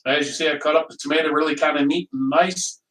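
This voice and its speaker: A man's voice: a little high, fairly even intonation, fast, a bit bright, far from the mic. A man hosting a casual live cooking stream from his kitchen, rambling and chatty, greeting viewers by name and laughing often. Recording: echoey room, voice from off-mic.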